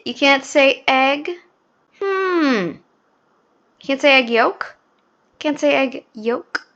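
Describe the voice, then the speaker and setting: A woman reacts to a clip in casual, mocking commentary. Her voice sits a little high, and she talks at an unhurried, drawn-out pace, full of sarcasm. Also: lively intonation, bright, forceful tone. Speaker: reaction video host.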